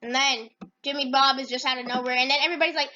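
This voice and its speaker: A woman's voice: sits high, fairly even intonation, rapid-fire, bright, forceful tone, lo-fi sound. A woman narrating a comedy game video in a rambling, hyped, slangy way. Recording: noisy with engine sounds.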